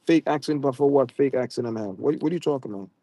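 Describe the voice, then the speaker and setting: A man with a Jamaican accent rattles off his words rapid-fire in a mellow, medium-pitched voice while hosting a casual livestream for his chat. He stammers and repeats words a lot; the studio-quality audio has no room sound.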